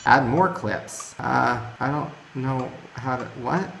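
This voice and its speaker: A young man hosting a comedic game commentary video, crude and sarcastic, swinging between deadpan mutters and loud shrieks. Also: medium pitch, a little fast, vocal fry, hardly any pauses, slight background noise. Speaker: gaming video host. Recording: echoey room with music behind.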